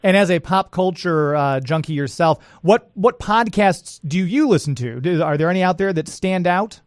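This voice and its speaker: A Scottish man hosts the interview, asking long, enthusiastic questions. His voice sits a little higher than most men's. The sound is dry and close, with no room around it. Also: animated, moderate pace, no echo. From Scotland. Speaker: radio host.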